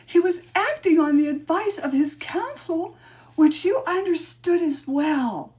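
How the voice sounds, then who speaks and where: A woman putting on a shrill, self-righteous letter writer. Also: darkish tone, full character voice. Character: indignant woman writing a scolding letter. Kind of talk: dramatic reading.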